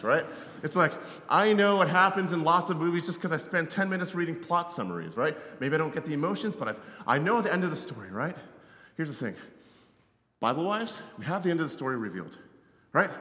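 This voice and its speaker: A man's voice: on the high side, quick pace. A man preaching in a raised, conversational voice that keeps tossing "right?" at the congregation. He drops to near whispers, then rises again. His voice rings through a roomy church hall with a long reverb tail. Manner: conversational, tag questions, animated swings from loud to hushed. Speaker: missionary preacher. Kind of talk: sermon.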